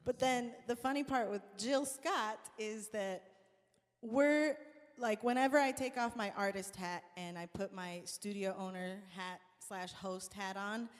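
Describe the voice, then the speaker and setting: A woman host and singer telling stories in a casual chat on a live stream, animated and laughing often as she acts out quotes. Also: medium pitch, a little slow, big-room sound.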